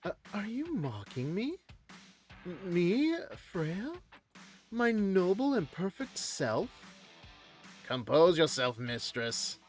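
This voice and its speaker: A man's voice: high-pitched, big pitch swings, slow, a little mellow, soft background music, pitched above the performer's own voice, heavily acted. A man voicing a proud, haughty young female model in a game, reading her lines in an imperious, indignant way.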